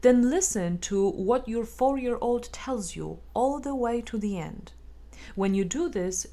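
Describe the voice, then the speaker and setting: A woman reads guidance aloud in a calm, measured voice. Her delivery is gentle and instructive, like a patient teacher working through a scripted self-help text. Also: a little high. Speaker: audiobook narrator.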